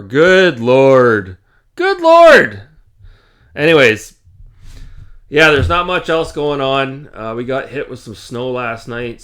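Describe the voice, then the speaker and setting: A man's voice: medium pitch, bright, forceful tone. A Canadian man hosting his gaming channel, ranting casually to camera in an exasperated, repetitive way.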